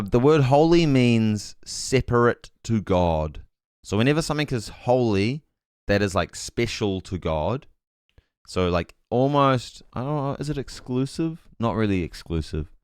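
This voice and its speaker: A man's voice: mid-range voice, clean tone, dry recording, studio quality. A man streaming a casual Bible talk, thinking aloud and correcting himself as he goes, and reading chat messages aloud with puzzled asides.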